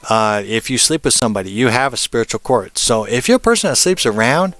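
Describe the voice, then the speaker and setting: A man's voice: expressive, fast talker, a bit bright, dry recording. A man giving a casual spoken presentation as a spiritual teacher, rambling with many fillers and tag questions. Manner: rambling, frequent "um" and "right?"; puts on brief high voices for spirits.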